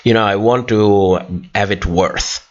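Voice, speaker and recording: A man's voice: lowish voice, steady tone, unhurried. A man hosting a casual livestream and reading comments, his voice worn out and tired, rambling with many fillers and restarts. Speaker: livestream host. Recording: dull lo-fi stream audio.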